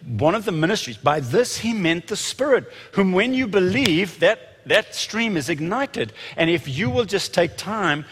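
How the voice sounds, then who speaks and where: Animated preacher man in a reverberant hall. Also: high-pitched, measured pace, hardly any pauses, slight background noise. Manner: animated, rising to shouts when quoting, frequent restarts. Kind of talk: sermon.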